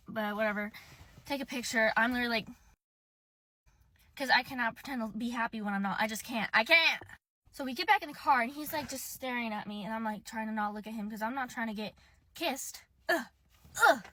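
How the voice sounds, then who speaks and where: A young woman tells a storytime in a chatty, exasperated way, acting out the lines of the people in it. Her voice sits a little high and bright. The sound is dry and close. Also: brisk, no room sound. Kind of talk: casual storytime.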